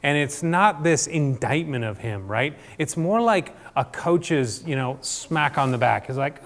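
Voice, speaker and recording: A man's voice: on the high side, expressive, a little slow, few pauses, long reverb tail. A man giving a conversational sermon, chatty and often checking in with "right?". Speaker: church speaker.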